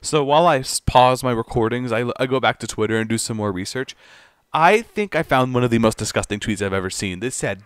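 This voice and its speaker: A man's voice: medium pitch, expressive, quick pace, clean tone, dry recording. Stammering man ranting, dry close sound. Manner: stammering, exasperated, repeats words. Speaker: commentary YouTuber. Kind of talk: ranting commentary.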